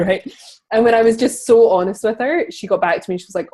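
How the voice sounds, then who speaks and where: A woman with a somewhat low-pitched voice hosts a relaxed conversational interview. She talks in a chatty, meandering way, peppering her stories with fillers and restarts. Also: fairly quick, slightly rough. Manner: chatty storytelling with frequent fillers and laughs. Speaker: podcast host interviewing a guest.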